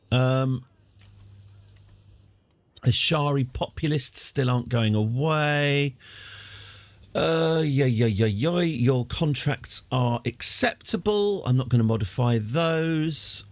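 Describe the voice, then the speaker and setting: A man streaming a strategy game live, chatting with jokey asides. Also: mid-range voice.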